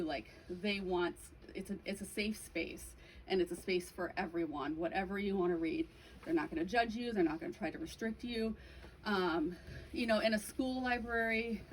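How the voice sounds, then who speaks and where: A woman's voice: lowish voice, slight background noise, poor audio. A young adult woman giving a casual presentation to an audience, chatty, with frequent "um" and "like". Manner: chatty, many fillers like "um" and "like". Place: bookstore event room.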